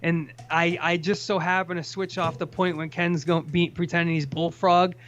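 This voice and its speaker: A man's voice: a little high, level tone, normal speed, a bit bright. A man hosting a casual call-in chat, ranting with plenty of profanity. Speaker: host. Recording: dull lo-fi sound.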